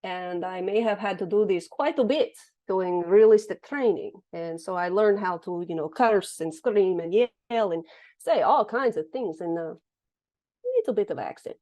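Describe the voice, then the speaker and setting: A woman's voice: medium pitch, normal speed, dark tone. A woman in her forties from the United States, a thriller author who answers interview questions in a casual, joking, self-deprecating way.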